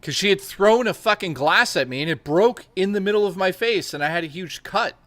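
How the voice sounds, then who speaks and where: A young man in casual chat, telling crude, animated stories with plenty of swearing and laughter. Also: high-pitched, a little fast, no echo.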